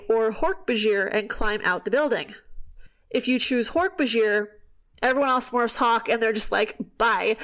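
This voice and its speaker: A podcast host with a slightly high, fairly bright voice recaps a book in casual chat. She tells the story animatedly, throwing in quick asides and the odd swear word.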